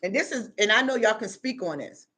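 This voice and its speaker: A woman's voice: fairly high pitch, animated, a little fast, pushed and bright, slightly rough. A middle-aged woman talking straight to her viewers in a casual monologue, blunt and plain-spoken with street slang. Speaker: vlogger giving life advice.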